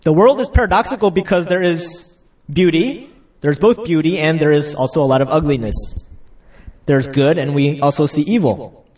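Young male pastor, chatty and laughing, slightly high voice, recorded from a distance. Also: moderate pace, darkish tone. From United States. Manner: chatty, laughing asides, acts out quotes. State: getting over a cold. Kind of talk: casual sermon.

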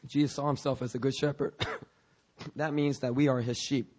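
Speaking at medium pitch and moderate pace, this pastor has a flat delivery and a darkish tone. His sermon is informal and jokey, wandering into asides, restarting phrases and breaking for an occasional cough.

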